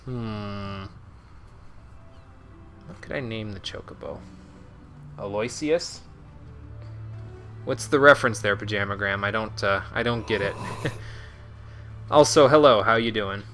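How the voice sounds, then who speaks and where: A young man with a bright, forceful voice chats casually while streaming a game, often trailing off into quiet mumbles and chuckles. Soft game music hums behind him. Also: fairly low pitch, a little slow, pauses often. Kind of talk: casual gameplay commentary.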